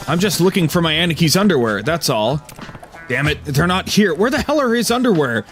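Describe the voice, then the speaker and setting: A man's voice: a little high, big pitch swings, a little fast, fairly bright tone, soft background music, voice pushed up. A man voicing a flustered young yakuza underling. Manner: apologetic, flustered.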